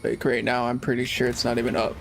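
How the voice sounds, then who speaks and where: A man's voice: mid-range voice, completely flat delivery, fast talker, gravelly, fairly bright tone, slight background noise. A young man chatting casually while streaming a game, rambling and laid-back, swearing freely. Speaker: live streamer. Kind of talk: casual gaming livestream chat.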